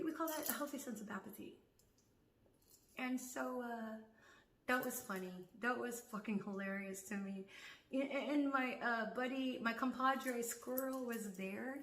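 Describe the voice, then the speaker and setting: A woman's voice: sits high, animated, unhurried, fairly bright tone, echoey room, slight background noise. A woman in a casual monologue, laughing often, swearing freely and dropping into whispers.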